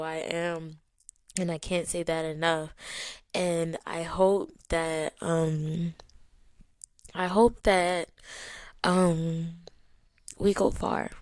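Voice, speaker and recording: Slow-spoken woman in her thirties, tearful. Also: on the low side, a little mellow, no echo. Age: 30s. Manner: emotional, tearful at moments, grateful, repeats phrases. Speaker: podcast host. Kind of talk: reflective solo podcast talk.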